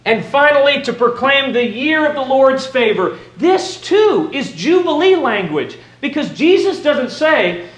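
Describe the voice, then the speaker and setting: Male pastor, sermon delivery, high voice, lively, recorded in a roomy church. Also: normal speed. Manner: animated, rises to shouting for emphasis. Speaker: preacher. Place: church sanctuary.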